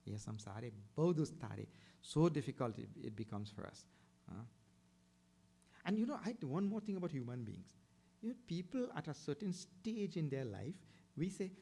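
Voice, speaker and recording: A middle-aged man with an Indian accent delivers a spiritual discourse as a swami. He tells stories and acts out the people in them, jumping up in pitch for their lines. His talk moves between soft reflection and animated retelling. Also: moderate pace, vocal fry. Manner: storytelling, acts out other people's voices with big pitch jumps. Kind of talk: sermon.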